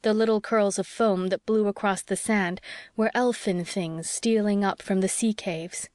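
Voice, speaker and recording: A woman narrating a classic novel as an audiobook, with measured, expressive storytelling. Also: mid-range voice, no room sound, studio quality. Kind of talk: scripted narration.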